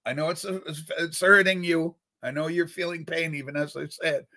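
A man's voice: a little high, fairly even intonation, moderate pace, bright, forceful tone. A man hosting a casual livestream, rambling and reading viewer comments aloud with playful, theatrical outbursts. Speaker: livestream host.

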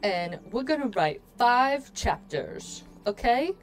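A woman's voice: on the high side, big pitch swings, slow, faint music behind. A woman streaming a video game, talking casually with her viewers in a playful, joking way and addressing the chat often. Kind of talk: casual let's-play commentary.

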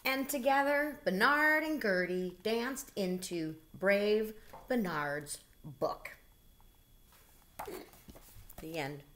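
A woman reading a children's picture book aloud in a gentle, unhurried way. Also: medium pitch, animated, a little hiss or hum. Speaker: storybook reader. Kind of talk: children's story read-aloud.

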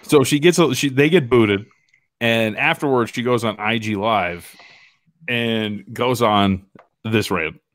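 A man's voice: medium pitch, slow pace, a bit bright, no room sound, clean studio sound. A man co-hosting a casual sports podcast, joking and laughing often as he reacts to what he finds online. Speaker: podcast co-host. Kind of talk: casual chat.

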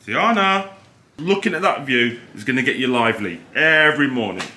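A man's voice: moderate pace, echoey room, slight background noise. A middle-aged man, a father, talking playfully and teasing his teenage daughter. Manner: playful, teasing, very lively pitch.

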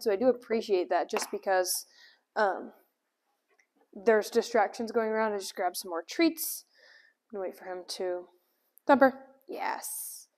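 A woman dog trainer giving a casual demonstration, calmly explaining between cheerful calls of the dog's name and quick praise, recorded indoors on a camera at a distance. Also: mid-range voice. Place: indoors at home.

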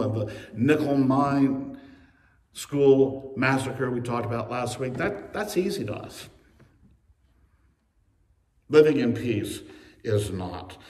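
A male pastor preaching a sermon with emphasis, slowing on key phrases and speeding through asides. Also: mid-range voice, darkish tone. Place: church sanctuary. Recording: echoey church from a distance.

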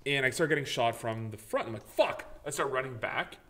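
A man co-hosting a podcast, casually chatting about games and telling animated stories, swearing freely and acting out his own reactions. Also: mid-range voice, fast talker. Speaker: podcast co-host. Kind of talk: casual gaming chat.

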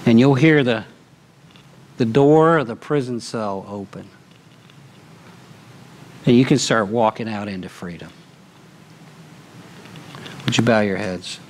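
A man preaching a sermon as pastor, telling a story earnestly and swinging between animated and hushed delivery. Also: lowish voice, slow, long pauses, a little hiss or hum. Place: church auditorium.

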